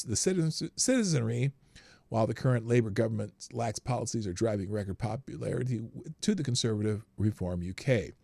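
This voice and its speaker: Older guy riffing on the news, gravelly, bouncy pitch, laughs a lot. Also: dry recording, clean studio sound. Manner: chatty, laughs often, reads articles aloud with asides. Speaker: host of a news commentary stream. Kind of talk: casual live news commentary.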